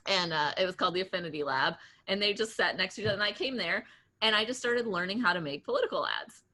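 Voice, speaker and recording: A woman in her late thirties, a guest entrepreneur in an interview, telling stories in a chatty, animated way with lots of laughs, fillers and restarts. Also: mid-range voice, fast talker. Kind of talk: casual interview storytelling.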